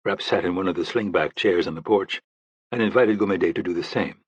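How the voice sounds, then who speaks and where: A man narrating a thriller audiobook in a steady, even storytelling manner. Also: low-pitched, brisk, husky, no room sound, dull audio.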